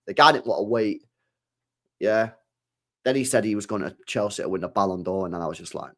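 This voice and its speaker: A young man, hosting a casual football stream, rambling in slangy, animated asides. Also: low-pitched, a little fast, pauses often. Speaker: football channel host. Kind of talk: casual livestream chat.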